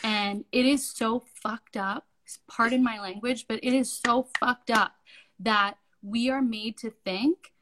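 A woman co-hosts a podcast and speaks up with earnest emphasis. Her voice sits a little above the usual for a woman, and she moves briskly toward wrapping up the show. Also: a little high, steady tone, a bit bright, a little hiss or hum, rough recording. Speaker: podcast co-host. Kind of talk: podcast discussion and sign-off.

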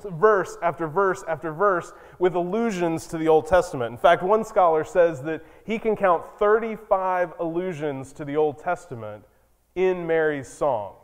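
Man, pastor, conversational sermon, storytelling, fairly high voice, long church reverb. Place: church sanctuary.

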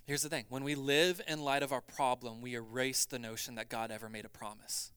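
Male pastor, sermon delivery, clear smooth tone, dry close sound, conversational then urgent. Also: medium pitch, steady tone, a little fast, dry recording. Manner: builds from quiet reflection to loud, urgent preaching; conversational, acts out quoted voices.

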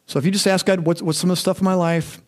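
Casting note: middle-aged man, pastor, slightly higher voice, casual and candid delivery with frequent restarts. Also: fairly even intonation, very fast. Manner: conversational, self-deprecating, repeats words when restarting. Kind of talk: sermon.

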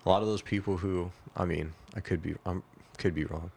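A man's voice: steady tone, fairly quick, vocal fry, darkish tone, slightly rough. A man in casual chat, hedging his opinions before he gives them. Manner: hedging opinions, mimics praise in a high voice.

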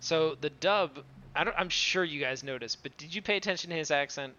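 Guy ranting sarcastically about a dumb anime finale, bright edgy voice, kinda muffled lo-fi audio. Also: a little high, fairly quick. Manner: rambling, sarcastic, swears freely. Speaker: podcast co-host. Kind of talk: casual anime review chat. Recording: dull lo-fi sound.

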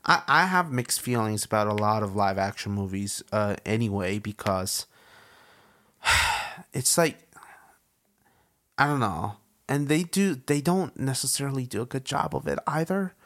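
A man's voice: medium pitch, animated, a little slow, a bit bright. A man co-hosting a podcast in casual chat, opinionated and teasing, often breaking into laughter. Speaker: podcast co-host.

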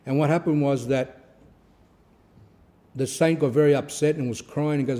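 A man preaching a fervent sermon, telling stories and repeating phrases for emphasis, swinging from loud to quiet. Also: a little high, steady tone, moderate pace.

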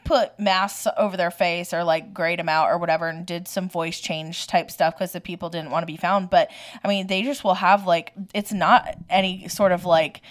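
A woman's voice: lowish voice, steady tone, moderate pace, hardly any pauses. A woman co-hosting a podcast, chatting casually and reacting bluntly. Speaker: podcast co-host. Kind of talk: casual chat.

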